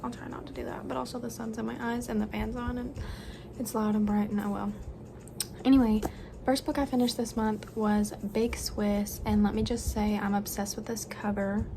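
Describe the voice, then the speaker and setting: A woman's voice: fairly high pitch, level tone, normal speed, gravelly. Girl booktuber rambling to her camera, chatty and bubbly, fan noise going in the room. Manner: bubbly, chatty, lots of fillers. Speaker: book vlogger. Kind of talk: casual chat to camera. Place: home room with a fan running. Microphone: camera propped on the floor. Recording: noisy room with fan hum.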